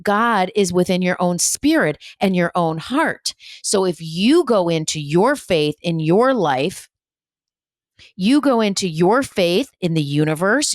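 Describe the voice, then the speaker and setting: A mid-range female voice comes through clean studio sound with no room sound at all. She's a spiritual medium hosting a podcast, pushing an emphatic, repetitive motivational talk with humor and blunt swearing.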